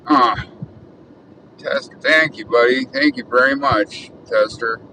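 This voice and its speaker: A man's voice: mid-range voice, sing-song, slow, creaky. A man hosting a casual livestream while driving, chatting and reading viewer comments aloud. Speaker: livestream host. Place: in a car on city roads. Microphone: phone held in car. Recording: distant phone mic with road noise. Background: traffic noise.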